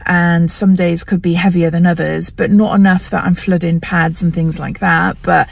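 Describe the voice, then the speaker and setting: A woman's voice: fairly low pitch, little pitch movement, moderate pace, vocal fry, husky, no echo. A middle-aged woman talking candidly in a personal vlog, often laughing and sometimes emotional. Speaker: vlogger.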